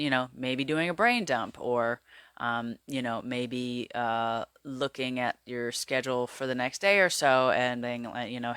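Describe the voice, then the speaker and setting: Bright, crisp-voiced man chatting casually. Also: mid-range voice, no room sound. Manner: rambling, filler-heavy, chatty; glances at notes while talking. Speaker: wellness vlogger. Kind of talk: casual talk to camera.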